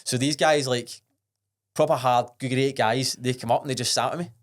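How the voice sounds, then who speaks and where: A man's voice: mid-range voice, steady tone, normal speed. A young adult man with a Glaswegian accent, a podcast guest telling a story bluntly and earnestly, swearing freely and restarting his sentences. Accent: Scottish, Glaswegian. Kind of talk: casual storytelling.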